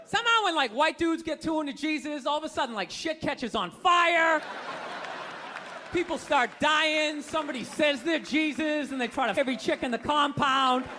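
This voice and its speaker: A man's voice: very high voice, normal speed, crowd noise, background noise. A man doing stand-up comedy, ranting in a profane, incredulous way. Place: stage before a live audience.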